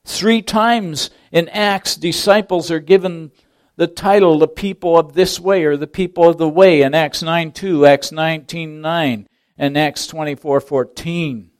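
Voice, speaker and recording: A male preacher delivers a sermon in a fairly high voice at an unhurried pace. He lingers on key words, dropping to near whispers and then building to loud, ringing emphasis. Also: fairly even intonation. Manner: dramatic swings between soft, near-whispered words and loud rising emphasis; slow, deliberate phrasing with pauses on key words.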